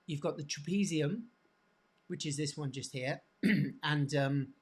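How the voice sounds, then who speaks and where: A man teaching hand anatomy off the cuff, pointing to bones, with many restarts and frequent throat clearing. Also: fairly high pitch. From England. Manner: halting, repeats words, frequent throat clearing. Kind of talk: unscripted teaching demonstration.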